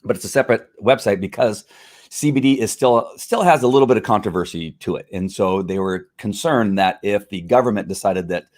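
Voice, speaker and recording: A man's voice: lowish voice, a little fast, a little mellow. A man chatting casually on a live stream, rambling through a product review with restarts and chuckles.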